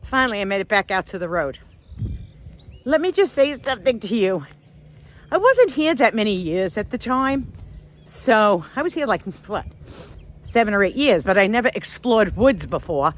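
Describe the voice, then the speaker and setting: A middle-aged woman vlogger telling a story on a walk outdoors, animated and self-mocking, laughing often. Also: medium pitch, moderate pace, slight background noise.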